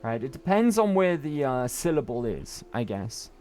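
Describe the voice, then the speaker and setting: A man's voice: medium pitch, very animated, moderate pace, a little mellow, soft background music. A young British man streaming a game, chatting in a rambling way and often tagging on "right?". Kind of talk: casual gaming chat.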